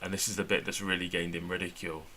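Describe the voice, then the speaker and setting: Guy on a politics podcast, dry sarcastic delivery, lowish voice with a sharp bright edge. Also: rapid-fire. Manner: sardonic, wry deadpan mockery. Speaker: podcast co-host. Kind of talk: casual political podcast chat.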